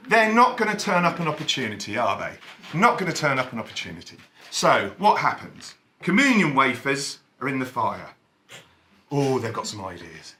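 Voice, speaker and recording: A man performing a stand-up comedy set in a cabaret bar, wry and deadpan with sudden animated outbursts. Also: sits high. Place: cabaret bar venue, echoey room. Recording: echoey room, faint ambience.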